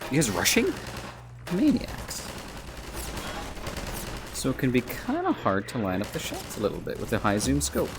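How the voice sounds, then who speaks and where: A man's voice: medium pitch, huge pitch swings, moderate pace, long pauses, background noise. Chatty man narrating his VR game. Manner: rambling, joking chatter. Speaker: author streaming a VR game. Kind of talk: casual gameplay commentary. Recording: game music behind.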